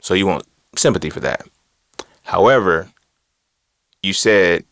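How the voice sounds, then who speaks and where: Speaking a little slowly with long pauses, a man with a low, expressive, fairly bright voice hosts a podcast recorded in a dry studio with no room sound. His casual monologue on philosophy and religion is blunt, profane and preachy, laced with rhetorical questions.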